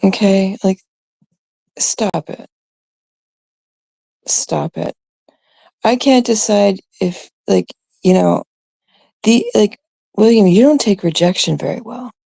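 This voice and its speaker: A woman from Canada, hosting her own live stream, rants bluntly and with exasperation. Her voice is heavily gravelly and mellow, and her delivery is slow and drawn out, with many fillers and pauses. The sound is dry and close. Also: medium pitch, no echo. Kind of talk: ranting live stream commentary.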